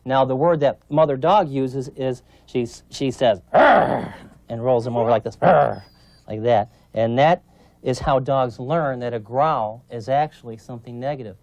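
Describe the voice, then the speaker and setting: Male trainer mid-lesson, even-pitched, patient and instructive, frequent check-ins, dry room. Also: moderate pace, dry recording, lo-fi sound. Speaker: dog trainer. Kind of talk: instructional demonstration.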